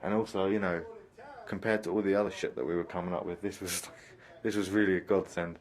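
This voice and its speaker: A man with a notably low voice gives a commentary on a film he made. He speaks thoughtfully and often pauses to search for the right words. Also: fairly even intonation. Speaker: filmmaker giving a commentary track. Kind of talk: reflective commentary.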